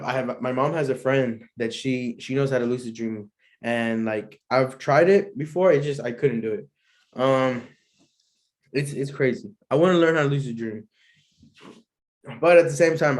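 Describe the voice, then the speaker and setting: A man's voice: mid-range voice, darkish tone. Laid-back young man with AAVE slang. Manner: laid-back, rambling, slangy, laughs often. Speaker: podcast host. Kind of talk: casual solo podcast chat.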